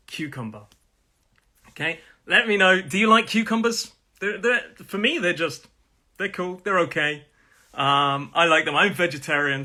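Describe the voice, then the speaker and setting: A middle-aged man teaching English pronunciation on a live stream, friendly and repeating each word slowly to show the stress. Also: a little high, sharp tone.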